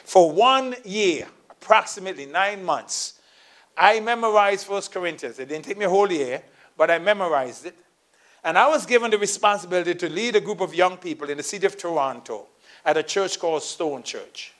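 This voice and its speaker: High-voiced pastor telling a story in a sermon. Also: male voice, expressive, fairly quick. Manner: storytelling, shifts between soft asides and raised emphatic lines.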